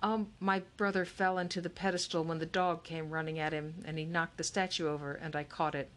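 An earnest boy, the older brother, explaining himself apologetically, as a woman reader puts him on. He stays close to the reader's own lowish voice. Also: little pitch movement, fairly quick, fairly bright tone.

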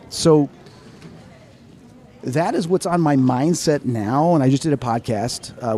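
A man, a paranormal researcher, telling a story in an excitable, dramatic way as a guest at an expo. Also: medium pitch, slight background noise. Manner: excitable, dramatic, quotes people in voices. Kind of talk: animated storytelling interview. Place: outdoors at an expo.

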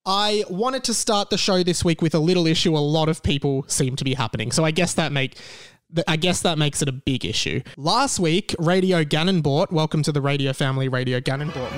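A man's voice: on the high side, fairly bright tone, smooth, dry recording. A young Australian man hosting a casual solo podcast from his bedroom, rambling and correcting himself often. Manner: rambling and self-correcting, with many fillers. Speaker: podcast host. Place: bedroom in a share house.

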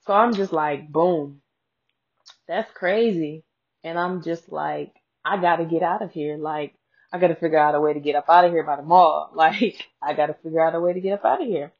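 A woman's voice: sits low, normal speed. A woman host telling a personal story in a casual, frank way, swearing freely and speaking straight to her listeners. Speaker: podcast host. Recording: dull lo-fi sound.

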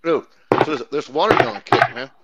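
A man's voice: mid-range voice, a little fast, heavy background noise. A young man, rambling through profane, laid-back stories as a podcast co-host. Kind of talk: casual chat. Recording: dull lo-fi sound.

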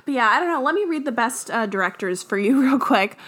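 A young woman chats casually as a podcast co-host, her voice sitting a little high. She talks easily and laughs often as she goes. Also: animated, fast, a bit bright. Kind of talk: casual chat.

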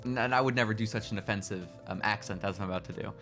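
A man co-hosting a wrestling podcast, chatting casually with quick, laughing bursts. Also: lowish voice, a bit bright, faint music behind. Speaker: podcast co-host.

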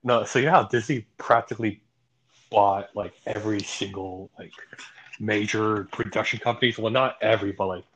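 A man's voice: on the low side, steady tone, moderate pace, fairly bright tone, low-quality recording. A young man co-hosting a casual podcast, talking loosely and packing his sentences with fillers. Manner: filler-heavy, says like a lot. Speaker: podcast co-host. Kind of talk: casual chat.

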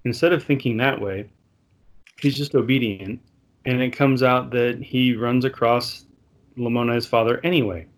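A man's voice: mid-range voice, fairly even intonation, normal speed. A man in a casual religious discussion, chuckling often and acting out the characters' lines for effect. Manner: chuckling, conversational, mock-dramatic quotes. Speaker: podcast co-host discussing scripture.

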